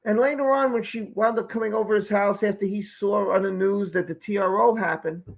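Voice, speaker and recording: A man with a high, husky, gravelly voice gives live-stream commentary and drives his points home by repeating them. The sound is muffled and lo-fi. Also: steady tone, a little fast. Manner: emphatic, repeats key phrases.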